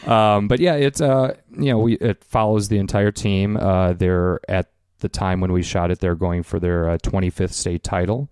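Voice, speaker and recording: A man's voice: sits low, steady tone, moderate pace, few pauses, a little mellow, clean tone, no echo, studio quality. A man with a Chicago accent, a filmmaker guest in a casual interview, talking with lots of fillers and restarts and laughing easily. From Chicago area, USA.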